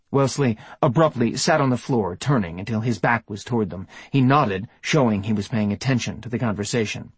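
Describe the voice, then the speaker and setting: A man reading an audiobook in measured, even scripted narration. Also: lowish voice, husky, no room sound.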